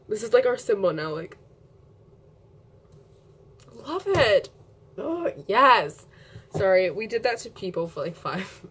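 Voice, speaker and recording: Young female vlogger, medium pitch, chatty and giggly, rambles with fillers, at-home camera sound. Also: breathy edge. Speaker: beauty vlogger. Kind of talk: casual rambling vlog.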